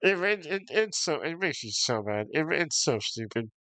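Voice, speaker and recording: A man's voice: fairly high pitch, very animated, normal speed, a bit bright, no echo. A man streaming games, ranting casually to his chat, swearing often, frustrated, and breaking into short laughs. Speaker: game streamer.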